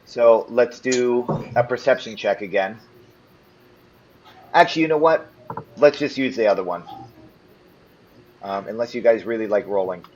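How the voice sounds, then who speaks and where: A man's voice: medium pitch, normal speed, pauses often, a little mellow, muffled recording, slight background noise. A man narrating as game master in a tabletop game, hesitant and full of ums and restarts.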